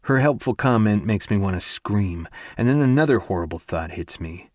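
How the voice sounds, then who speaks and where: A man's voice: fairly low pitch, lively intonation, normal speed, a little mellow, dry recording, studio quality. A young man narrating a first-person romance audiobook in an intense, candid manner.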